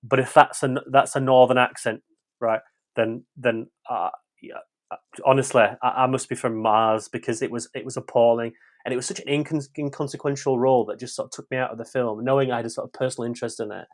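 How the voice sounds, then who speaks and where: A man talks through a film review in a loose podcast chat. He is blunt and curses freely, tripping over his own restarts. His voice sits at an ordinary middle pitch. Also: steady tone, fast talker. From West Yorkshire, England. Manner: frank and blunt, swears freely, tumbling restarts.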